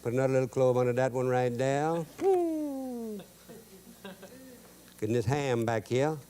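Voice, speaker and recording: A man's voice: mid-range voice, fairly even intonation, quick pace, dark tone, a little hiss or hum. A man with a Cajun accent hosting a cooking show, drawling and joking in homespun, broken-grammar talk. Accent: Cajun English. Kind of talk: folksy cooking demonstration with jokes.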